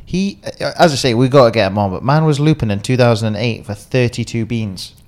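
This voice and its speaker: A man co-hosting a podcast in easy casual chat. He tells stories in loose slang and swears freely. His voice sits at an ordinary middle pitch. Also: brisk. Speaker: podcast co-host.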